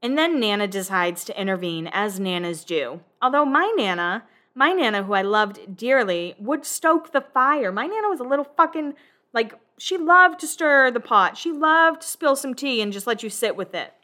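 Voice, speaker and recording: A woman with a bright, forward voice chats casually as a show host, swearing freely and breaking into laughs. She keeps a loose, conversational recap going. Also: a little high, animated, moderate pace, few pauses.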